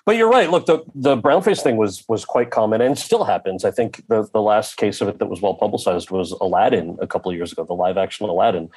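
Husky-voiced man telling lively stories. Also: on the low side, fast, few pauses. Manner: animated, acts out quoted people in his anecdotes. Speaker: podcast guest, actor. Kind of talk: conversational storytelling.

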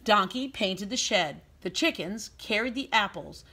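A woman preschool teacher reading a storybook aloud to young children in an expressive, sing-song way. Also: mid-range voice, a little slow.

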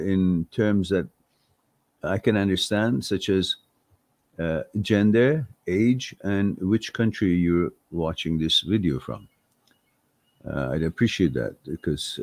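A man's voice: low-pitched, dry recording, studio quality. A man hosting a live-stream Q&A, talking bluntly and heatedly, firing off rhetorical questions and swearing when riled. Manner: rhetorical questions, animated delivery. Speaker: live stream host answering viewer questions.

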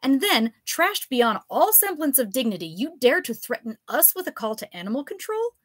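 A woman voicing a stern young woman who scolds crisply and with indignation in a live story reading. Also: high voice, big pitch swings, normal speed, no room sound, studio quality, voice pushed up, heavily acted. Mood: scathing.

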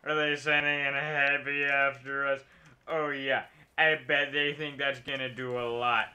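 Bright-voiced goofy male streamer. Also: medium pitch, level tone, a little slow. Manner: silly, rambling, talks to himself and enemies, nonsense noises. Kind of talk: casual gameplay commentary.

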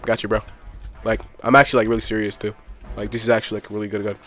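A young man giving excitable, slang-heavy gameplay commentary while chatting with other players. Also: lowish voice, very fast, no room sound, soft background music. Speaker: gaming YouTuber.

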